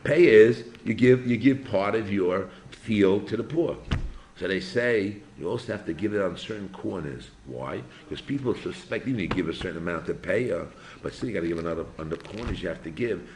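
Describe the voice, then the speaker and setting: An older man, a rabbi teaching a yeshiva class in an informal lecture, asking his students animated rhetorical questions. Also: deep voice, normal speed, a little hiss or hum.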